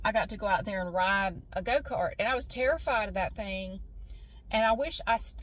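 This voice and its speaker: Woman, late forties, casual vlog storyteller, salty and animated, faint outdoor hiss. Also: fairly low pitch, poor audio. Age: 40s. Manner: animated, laughing, swearing freely. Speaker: vlogger. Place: outdoors at a beach.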